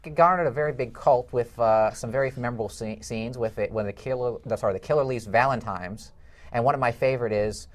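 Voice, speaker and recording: A man leading a casual film review panel, speaking haltingly with frequent restarts. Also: mid-range voice. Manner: hesitant, many fillers and restarts. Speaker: film review show moderator.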